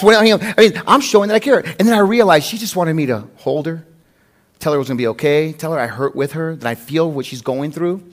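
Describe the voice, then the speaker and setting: A man's voice: sits high, brisk. A man preaching a sermon as pastor, mixing scripture reading with conversational, humorous personal stories. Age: adult with a wife. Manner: conversational, animated storytelling with humor.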